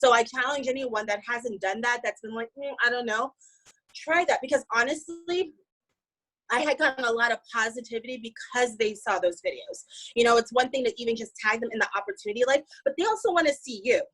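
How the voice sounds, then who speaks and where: A woman with a slightly high voice gives a motivational pep talk to her team. She is upbeat and emphatic, with a casual, chatty way of talking. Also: fast talker, fairly bright tone, husky, poor audio. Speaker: network marketing team member.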